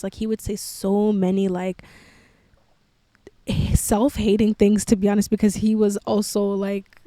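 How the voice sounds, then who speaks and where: A woman's voice: mid-range voice, flat delivery, moderate pace, mellow, no echo. A young woman hosting a podcast, telling her own story candidly and peppering her speech with "like". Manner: candid, filler-heavy with frequent "like". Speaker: podcast host. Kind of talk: personal storytelling.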